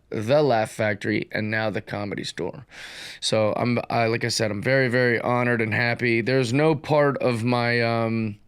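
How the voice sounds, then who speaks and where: Comedian guy in his 40s rambling, lots of likes and ums, mid-pitched voice. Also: clean tone, dry recording, studio quality. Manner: rambling, filler-heavy, animated storytelling. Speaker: comedian hosting his own show. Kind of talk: casual solo monologue.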